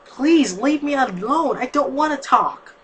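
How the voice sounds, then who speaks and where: A man's voice: very high voice, animated, unhurried, fairly bright tone, voice pushed up, heavily acted. A man voicing a volatile hulking male chomper plant in a fanfic reading, strained and pleading.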